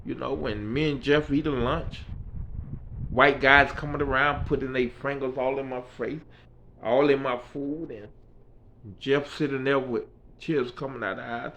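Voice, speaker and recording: A man's voice: mid-range voice, steady tone, a little slow, fairly bright tone, dull audio. A man telling his life story in a casual, rambling way, with frequent fillers. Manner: rambling, fillers like "you know" and "right".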